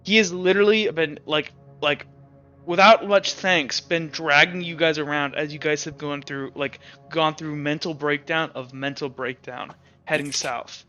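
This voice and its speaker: A man's voice: on the high side, steady tone, unhurried, bright, forceful tone, muffled recording, soft background music. A man narrating as game master of a tabletop game, in a casual, rambling way full of fillers. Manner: casual, rambling, frequent "like" and restarts.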